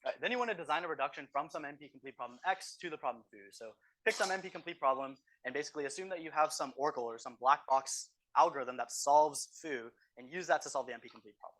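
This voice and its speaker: Fast, bright-voiced male teaching assistant. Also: a little high, slight background noise. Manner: explanatory, tags statements with "right?". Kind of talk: exam review lecture. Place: university classroom.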